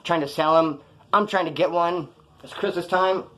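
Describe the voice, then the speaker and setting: A man who served time recounting his prison days in casual storytelling, blunt and profane, with animated jumps in pitch for emphasis. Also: normal speed. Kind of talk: casual first-person storytelling.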